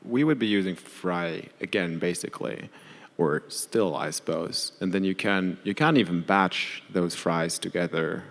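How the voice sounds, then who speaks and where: A man presenting at a conference, summing up his technical talk in a measured, deliberate way. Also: deep voice, gravelly. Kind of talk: closing summary of a technical talk. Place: conference hall. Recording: long hall reverb.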